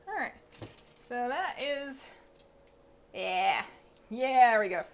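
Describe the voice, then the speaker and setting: A woman's voice: fairly high pitch, big pitch swings, slow pace. A woman chatting casually while she bakes on a live stream in her home kitchen. She thinks aloud as she works and pokes fun at her own mistakes. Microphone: streaming mic through a mixer.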